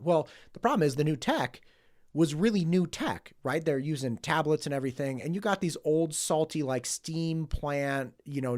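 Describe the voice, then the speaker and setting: A man in his thirties hosting a casual podcast, telling stories with animation and acting out the people he quotes. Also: medium pitch. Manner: animated storyteller, acts out quoted voices. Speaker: podcast host.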